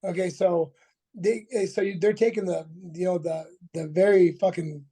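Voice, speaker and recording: Husky, high-voiced man telling a rambling story. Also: steady tone, normal speed, mellow. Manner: rambling, profane, many restarts and acted-out quotes. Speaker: podcast guest, former fighter. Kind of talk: casual storytelling interview.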